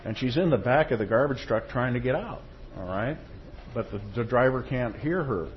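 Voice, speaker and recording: A man's voice: medium pitch, lively intonation, normal speed, highs cut off, a little hiss or hum. A man preaching a sermon, reading quotations and telling stories, often checking in with his listeners with "okay?" and "Amen?". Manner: storytelling, frequent "okay?" and "Amen?" check-ins.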